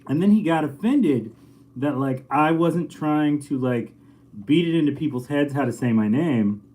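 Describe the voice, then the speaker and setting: A man, a painter, chatting casually to camera in a relaxed, rambling way with lots of filler words. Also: a little high, normal speed. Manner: laid-back and rambling, full of filler words. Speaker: painter and muralist. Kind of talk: casual vlog storytelling.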